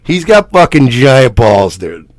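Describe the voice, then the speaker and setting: A man's voice: medium pitch, slow pace, no echo, clean studio sound. A man hosting a radio show, reacting to video clips with laughter and lots of swearing. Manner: laughing, profane, animated. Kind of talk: casual reaction commentary.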